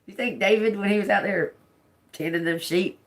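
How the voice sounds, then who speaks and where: This tarot reader speaks at a moderate pace in a mid-range voice. Her casual reading is full of lively storytelling, frequent laughter, and plenty of profanity.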